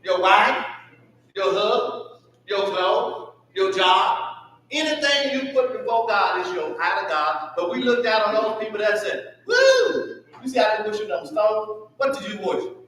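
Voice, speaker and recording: A Southern man leads a church Bible lesson, calling questions out to the class and answering them. His voice sits high and bright. He is heard from a distance in a very echoey church room. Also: normal speed, slight background noise. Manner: call-and-response questioning. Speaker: Sunday school teacher. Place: church hall.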